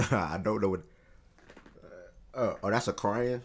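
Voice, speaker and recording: A man's voice: on the low side, slow, slightly rough. A man hosting a casual sports livestream, feeling sick with a strained voice, talking in a laid-back, joking way to his chat. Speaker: livestream host.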